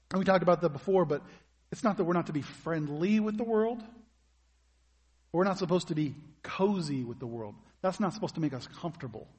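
Husky-voiced pastor preaching in a hall. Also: male voice, a little high, darkish tone. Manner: conversational preaching, asks the congregation questions. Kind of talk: sermon.

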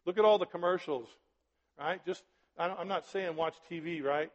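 A man's voice: sits high, normal speed. Conversational male preacher in a reverberant hall. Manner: conversational preaching, frequent "right?" and "are you with me?". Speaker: pastor. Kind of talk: sermon. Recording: dull recording with long hall reverb.

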